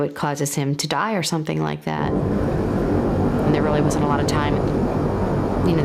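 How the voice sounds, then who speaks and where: Woman, low flat voice, measured recollection, loud background noise. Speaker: interviewee. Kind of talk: documentary interview.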